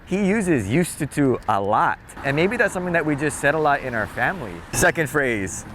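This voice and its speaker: A man from Hawaii with a Hawaiian accent, casually explaining local phrases in a relaxed, chatty vlog. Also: normal speed, a little hiss or hum. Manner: relaxed, chatty, demonstrates phrases with playful low tones. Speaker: vlogger.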